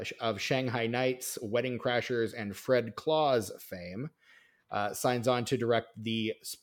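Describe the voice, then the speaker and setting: A man hosting a film podcast in casual chat, walking through a production history from notes with many fillers and restarts. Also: fairly low pitch. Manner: rambling, filler-heavy, reads notes. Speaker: podcast host.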